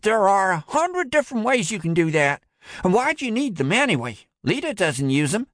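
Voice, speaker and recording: Storybook role: high-pitched, mocking young male buddy voiced by a male reader, loud and lively. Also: brisk, no room sound, studio quality. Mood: skeptical.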